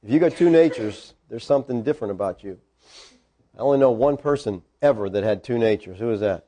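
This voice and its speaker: A man preaching a sermon, teaching from the Bible with emphatic, animated delivery. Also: mid-range voice, a little fast.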